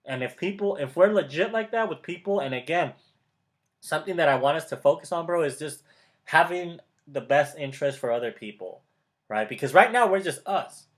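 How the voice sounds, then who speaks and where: A man's voice: a little high, animated, a little fast. A man in casual motivational coaching chat, enthusiastic and emphatic, repeating key words, laughing often and calling the listener brother or bro. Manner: laughs often mid-sentence. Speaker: motivational mentor.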